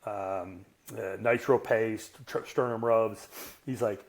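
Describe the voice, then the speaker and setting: On a podcast, a man in his sixties who works as a strength coach speaks slowly in a lowish, steady voice. He shares a personal story candidly and conversationally, with blunt profanity and earthy humor aimed at himself.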